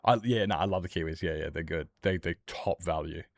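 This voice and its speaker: A young man streams a game and talks casually with his chat, rambling, blunt, and swearing freely. His voice is deep and brisk, and the recording is dry.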